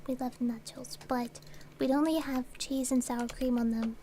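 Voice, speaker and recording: A woman's voice: sits high, steady tone, normal speed, warm tone, slight background noise. A woman co-hosting a livestream in casual chat, playful and giggly, jumping from one idea to the next. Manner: playful, giggly, jumps between ideas. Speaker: livestream co-host.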